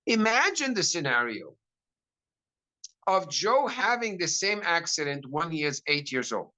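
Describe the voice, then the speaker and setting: A middle-aged man, a rabbi, giving a lecture to a class in an animated storytelling way, with frequent restarts. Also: on the high side, a little slow, rough recording.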